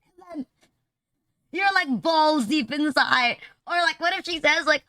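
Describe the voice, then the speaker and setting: High, bright-voiced woman streamer rambling crudely. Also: measured pace, no room sound. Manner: rambling and crude, heavy filler "like"; mocking, teasing banter with chat. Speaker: VTuber streamer. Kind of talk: casual livestream chat.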